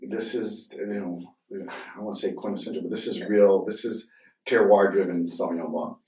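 A man's voice: low-pitched, moderate pace. Male podcast host, laid-back, casual, roomy sound, mic at a distance. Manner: relaxed, casual, swears. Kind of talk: casual interview.

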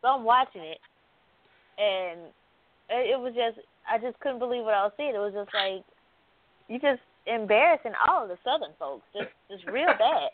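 A woman co-host in casual panel talk, hesitant and stumbling, with soft laughs. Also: on the high side, lively intonation, moderate pace, slight background noise. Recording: dry phone-like audio.

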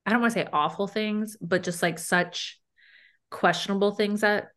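A woman's voice: medium pitch, fairly even intonation, normal speed, a bit bright. Candid young woman, casual chat. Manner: candid, emphatic storytelling. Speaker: podcast co-host.

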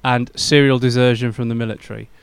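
Male podcast co-host, smooth resonant voice, unhurried story-teller with fillers. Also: mid-range voice, no echo. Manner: relaxed, halting retelling with fillers. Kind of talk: casual storytelling chat.

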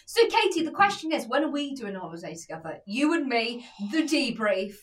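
A woman's voice: a little high, very animated, fairly quick, far from the mic. A woman in her twenties co-hosting a podcast in casual, teasing chat, swearing and giggling with her friend. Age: 20s. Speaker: podcast co-host.

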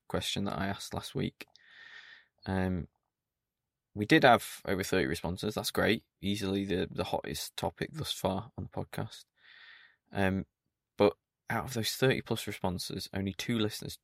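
Low and gravelly with vocal fry, this man's voice carries a dry, pedantic, mock-stern solo podcast. The recording is close and dry, with no room sound at all.

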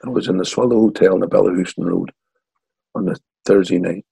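A man in his sixties from Northern Ireland with a Northern Irish accent, telling lively stories as an interview guest. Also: sits low, a little fast, vocal fry, breathy edge, dry recording, poor audio. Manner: lively yarn-spinner acting out quotes. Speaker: guest, former footballer. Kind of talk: anecdotal storytelling.

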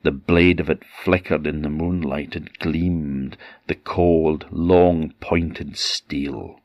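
Orcadian male folk storyteller; very low voice, deliberate dramatic pauses. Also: no echo, clean studio sound. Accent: Orcadian Scottish. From Orkney, Scotland. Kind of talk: traditional ghost-story telling.

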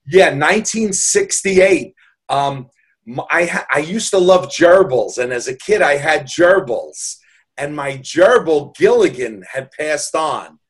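Slow and animated, with a breathy edge to his slightly high voice, a balloon artist in his 60s from New York spins heartfelt, wandering stories. His storytelling is casual and full of jokes.

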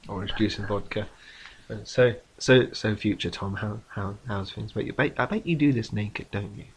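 A man's voice: fairly low pitch, normal speed, slight background noise. A man co-hosting a casual podcast chat, teasing his friend and often repeating words as he goes. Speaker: podcast co-host.

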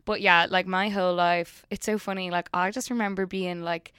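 A young Irish woman with a south Dublin lilt chats freely as a guest, peppering her stories with "like" and quick laughs. Her voice is bright and crisp, recorded close in a dry space. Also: on the low side, steady tone, dry recording. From Ireland. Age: 20s. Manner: chatty, laughs often, fillers of "like". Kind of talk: casual chat.

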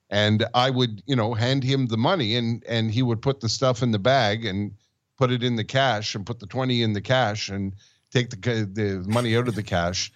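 The audio is dull, and the man's medium-pitched voice moves at normal speed with fairly even intonation. A Montreal, Canada native in his sixties, he co-hosts a podcast, rambling through childhood stories in a relaxed storytelling chat and laughing throughout.

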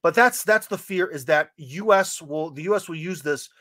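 Higher-voiced American man, dry sound. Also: moderate pace, pushed and bright, dry recording. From United States. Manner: loose, rambling, wry asides. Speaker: podcast host. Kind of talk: casual chat.

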